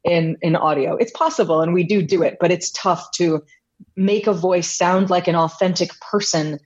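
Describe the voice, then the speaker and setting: A woman's voice: lowish voice, moderate pace, a little mellow, muffled recording. A woman audiobook narrator being interviewed, talking about her craft in an articulate, thoughtful way. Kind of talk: podcast interview.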